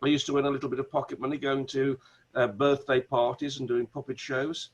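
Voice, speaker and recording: A middle-aged man with a Wolverhampton accent, a barrister, telling animated stories as a guest on a video call. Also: medium pitch, brisk, poor audio. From Wolverhampton, England. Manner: animated storyteller, many restarts. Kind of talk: conversational interview.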